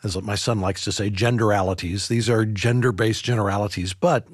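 Low-voiced podcast host, stops and restarts as he thinks, very dry mic. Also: fairly even intonation, no room sound. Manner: thoughtful, halting, searching for words. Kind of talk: reflective discussion.

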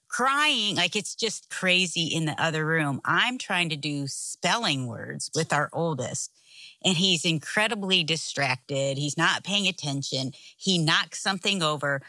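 Middle-aged woman, co-host, deep voice, bright forceful tone, lively storyteller, laughs often. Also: dry recording. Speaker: podcast co-host, pastor's wife. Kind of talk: casual chat, storytelling.

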